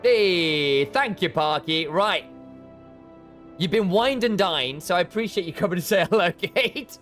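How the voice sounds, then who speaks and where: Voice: mid-range voice, animated, measured pace, fairly bright tone, soft background music. A game streamer chatting casually while playing, thinking aloud and trailing off now and then. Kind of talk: casual live gameplay chat.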